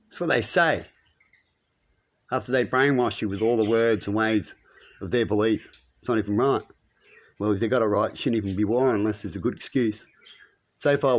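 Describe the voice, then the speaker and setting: A man giving a rambling, preachy spiritual monologue, his voice climbing when he makes a point. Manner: animated, preachy, rises in pitch when making points. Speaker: spiritual commentator.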